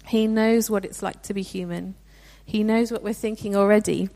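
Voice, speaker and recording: A woman's voice: medium pitch, steady tone, normal speed, vocal fry, warm tone. A young woman giving a sermon in a conversational, earnest way, with frequent restarts. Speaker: preacher.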